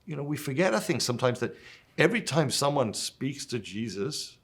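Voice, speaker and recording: Gravelly man reflecting on scripture. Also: mid-range voice, very animated, brisk, fairly bright tone. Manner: earnest, conversational, with fillers and restarts. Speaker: host of a Catholic gospel reflection series. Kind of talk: scripture reading and informal reflection.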